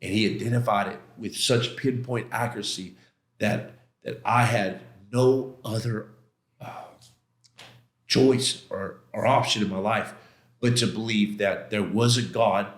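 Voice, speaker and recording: A man's voice: fairly low pitch, steady tone, a little slow. Emphatic man telling his story, roomy sound. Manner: emphatic, casual, slangy, re-enacts his own outbursts. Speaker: podcast guest. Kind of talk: personal storytelling in a conversational interview. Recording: roomy echo.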